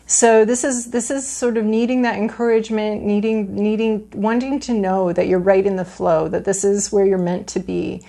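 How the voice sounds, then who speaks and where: A woman's voice: medium pitch, little pitch movement, moderate pace, gravelly, few pauses, warm tone. A woman giving a casual tarot reading, rambling with many fillers and restarts and playful asides. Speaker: tarot reader.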